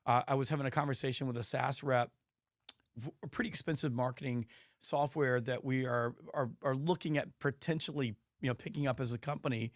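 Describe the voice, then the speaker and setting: Hoarse man hosting with emphatic talk. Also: mid-range voice, steady tone, a little fast, dry recording, studio quality. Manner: emphatic storytelling with frequent restarts. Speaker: podcast host. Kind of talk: casual interview chat.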